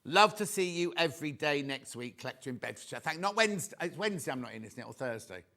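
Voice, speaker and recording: A man presenting on a TV shopping channel, chatting excitedly and tossing quick asides to viewers and crew. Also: a little high, vocal fry. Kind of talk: live TV selling chat.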